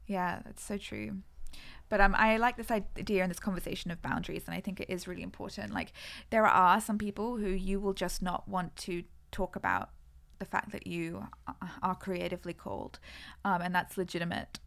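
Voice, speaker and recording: A woman's voice: on the low side, moderate pace, vocal fry, a bit bright. A woman co-hosting a podcast, talking in an earnest, reflective way in casual chat. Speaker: podcast co-host.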